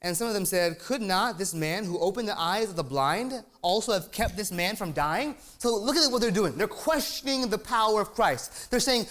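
A man with a high voice preaches with rising excitement, pressing points home and stopping to ask his listeners for an amen. He stumbles over repeated words when he gets worked up. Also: normal speed, few pauses. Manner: excitable, emphatic, asks the crowd for amens. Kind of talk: sermon.

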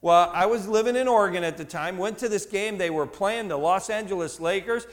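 A middle-aged male pastor telling a story in a sermon, asking the congregation questions and shouting for emphasis. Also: high voice, brisk. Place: church before a congregation.

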